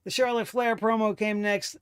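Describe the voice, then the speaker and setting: A man's voice: high voice, little pitch movement, normal speed, fairly bright tone, clear, resonant tone, no echo, studio quality. A man hosting a wrestling review show, talking in a sarcastic, exasperated way and swearing freely. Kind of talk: casual commentary review.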